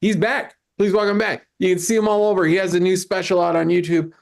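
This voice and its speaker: A man's voice: high-pitched, flat delivery, vocal fry. A man hosting an online comedy show over a video call, chatting loosely with many stammered restarts. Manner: rambling, stammering restarts, quick asides. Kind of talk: casual live-stream banter. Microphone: video call mic.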